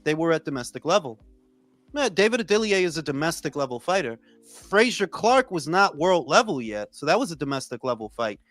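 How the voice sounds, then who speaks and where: A man from Los Angeles co-hosting a casual boxing talk stream, animated and cursing freely, with bits of Spanish. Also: on the high side, brisk, no room sound, soft background music. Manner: animated, swears a lot, drops Spanish phrases. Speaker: boxing talk show co-host. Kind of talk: casual live stream banter.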